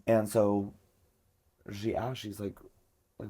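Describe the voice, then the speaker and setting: A podcast host spins a long story in a relaxed, chatty way. His voice sits a little on the low side, and he peppers his speech with filler words. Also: moderate pace. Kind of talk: casual storytelling chat.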